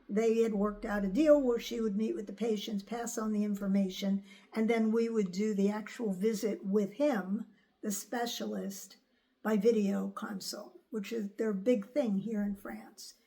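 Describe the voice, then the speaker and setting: A woman's voice: mid-range voice, a little slow. An older woman from the United States, candidly telling a personal story to her viewers in a chatty way. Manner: chatty, animated when quoting others. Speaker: vlogger.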